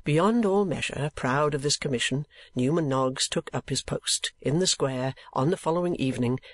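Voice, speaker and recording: A man reading an audiobook in steady, measured storytelling narration. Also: mid-range voice, dry recording. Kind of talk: scripted narration.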